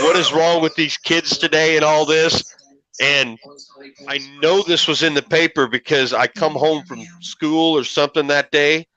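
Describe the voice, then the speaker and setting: A man's voice: fairly high pitch, pushed and bright, rough recording. A middle-aged man from Illinois, hosting and telling rambling, folksy stories with casual swearing. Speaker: show host. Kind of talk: casual storytelling.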